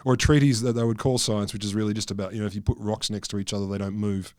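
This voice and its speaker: A middle-aged man co-hosting a casual comedic science podcast, telling a history with dry, deadpan jokes. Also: on the low side, very fast, dry recording. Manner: deadpan, dry jokey storytelling.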